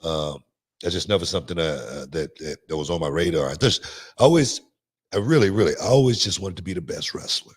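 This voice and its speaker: A middle-aged man, a former wrestler co-hosting a podcast, talking casually in a halting way with many "you know"s. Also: sits low, slightly rough. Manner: relaxed, halting, heavy use of "you know". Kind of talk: casual chat.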